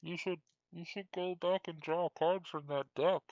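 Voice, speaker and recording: A game master puts on a sly, tempting voice muffled as if from inside a pack, pitched up high. It sounds cramped and faint, a little devil whispering advice. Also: male voice, fairly even intonation, moderate pace, darkish tone, no echo, lightly acted. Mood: coaxing.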